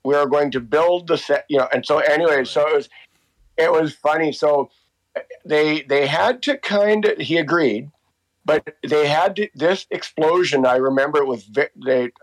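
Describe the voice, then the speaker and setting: This Canadian walking tour guide, a man in his fifties, has a fairly high voice and speaks at a moderate pace. Being interviewed, he shares casual stories that wander, packed with fillers and false starts, all captured on poor audio.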